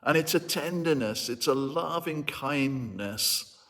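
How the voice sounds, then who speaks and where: A man's voice: a little high, expressive, takes it slowly, fairly bright tone. A man preaching a sermon as a vicar, retelling a story in an earnest, reflective way. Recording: long hall reverb.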